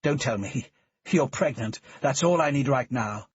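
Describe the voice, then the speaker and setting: A man's voice: mid-range voice, unhurried, slightly rough, pitched above the performer's own voice. A man in his thirties voicing a desperate, hard-bitten ex-soldier, brooding and blunt. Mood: wary. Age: 30s. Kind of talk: audiobook character voice. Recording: dull, dry studio recording.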